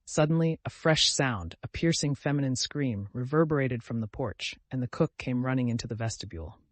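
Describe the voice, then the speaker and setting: A man narrating a classic novel as an audiobook, steady and measured. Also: mid-range voice, no echo. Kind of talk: scripted narration.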